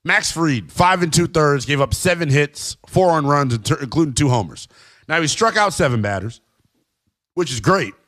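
Guy doing a sports rant show, higher voice, pitch jumping all over, emphatic and slangy. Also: lively intonation, moderate pace, a bit bright. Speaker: sports talk host. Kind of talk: opinionated sports commentary.

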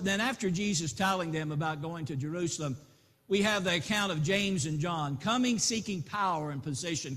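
A man preaching an impassioned sermon that swells into loud appeals. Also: on the high side. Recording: long reverb in a large hall.

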